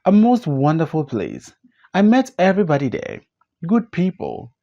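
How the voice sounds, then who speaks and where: A reader voicing an amiably drunk man in a play audiobook, speaking slowly and dropping low on forms of address. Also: wildly swooping pitch, muffled recording, heavily acted. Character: amiably drunk man, proud of his new name.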